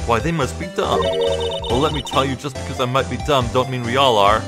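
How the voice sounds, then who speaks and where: A man's voice: medium pitch, fairly quick, natural voice. A man reading the lines of a brash, scolding country woman photographer from a game, without any put-on accent. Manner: pushy, scolding. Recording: game music behind.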